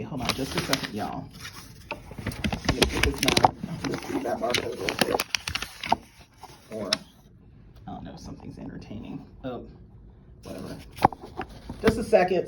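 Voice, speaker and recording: A woman's voice: rumbling low, background noise. Gushing woman unboxing jewelry. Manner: gushing, excitable, talks to viewers as y'all. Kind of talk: casual unboxing chat to viewers. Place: at work.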